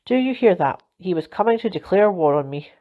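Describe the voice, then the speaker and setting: A woman's voice: lowish voice, lively intonation, a little fast, natural voice. A woman voicing a mild, apologetic middle-aged uncle in a storybook reading, earnest and contrite. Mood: amused. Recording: dull lo-fi recording.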